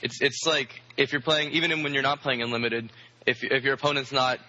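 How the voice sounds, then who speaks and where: A man chatting on a card-game podcast who rambles and pokes fun at himself. He talks quickly in a bright voice, and the recording sounds dull and lo-fi. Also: medium pitch, little pitch movement. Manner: rambling, self-deprecating. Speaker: podcast co-host. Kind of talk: casual chat about card games.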